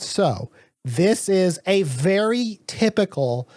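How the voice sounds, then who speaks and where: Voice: mid-range voice, expressive, takes it slowly, a little mellow, no echo, studio quality. A podcast co-host giving a loose, casual plot recap, swearing freely. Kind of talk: casual book recap chat.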